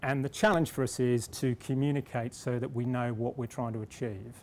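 A man's voice: medium pitch, steady tone, a little fast, darkish tone, a little hiss or hum. A middle-aged British man speaking at a conference, telling a self-deprecating story with restarts before turning to his point. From Britain. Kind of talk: conference speech with anecdote. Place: conference hall.

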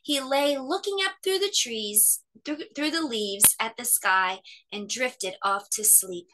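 A woman hosting children's story time, reading a picture book aloud with expressive, animated storytelling. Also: a little high, slow pace.

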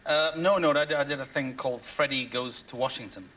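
Hell klingender Mann, schneller Plauderton. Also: male voice, mid-range voice, rough recording. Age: 30s. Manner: quick, jabbering, animated. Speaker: actor and comedian guest. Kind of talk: talk-show chat.

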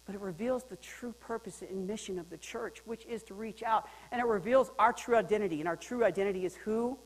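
A male pastor preaching a sermon in a lively, joking way, swinging between loud and quiet. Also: high voice, brisk, long reverb tail, rough recording. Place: church sanctuary.

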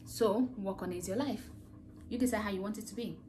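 Woman, motivational talk host, earnest, preachy, rhetorical questions, mid pitch, faint background hum. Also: brisk, darkish tone. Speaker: podcast host.

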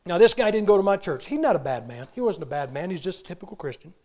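A man preaching with a fairly high voice. He tells stories animatedly, acting out other people's lines and bursting into sudden shouts. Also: quick pace. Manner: animated storytelling, acting out quotes with sudden loud outbursts. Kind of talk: sermon.

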